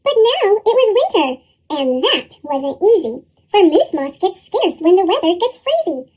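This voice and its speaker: A storyteller reading a rhyming picture book aloud in a bouncy sing-song rhythm, the voice sped up into a chipmunk pitch shift. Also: very animated, a little slow, darkish tone.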